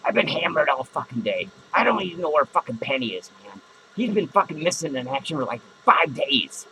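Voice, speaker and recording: A man's voice: a little high, big pitch swings, a little fast, sharp tone, a little hiss or hum, rough recording. A man playing a drunken, foul-mouthed, hot-tempered male clown who slurs, rambles and swears. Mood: drunken rambling. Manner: slurring, rambling, swearing constantly. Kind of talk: improvised character comedy monologue.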